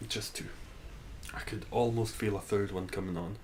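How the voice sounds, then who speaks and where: Male streamer, lower register, casual banter with viewers, frequent laughs. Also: steady tone, moderate pace, a little mellow, soft background music, poor audio. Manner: chatty, reads and answers chat, laughs often. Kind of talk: casual live-stream chat.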